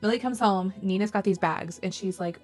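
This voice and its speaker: A woman's voice: medium pitch, a little fast, darkish tone, faint music behind. A young woman co-hosting a casual book podcast, retelling the plot at length and slipping into the characters' lines. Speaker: podcast co-host.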